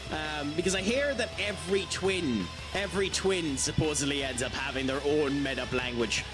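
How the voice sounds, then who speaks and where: A chatty man streaming a game, his voice sitting fairly high for a man. He laughs often and pokes fun at himself. Game music plays clearly beneath him. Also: normal speed. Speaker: game streamer reading chat. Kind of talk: casual live-stream chat.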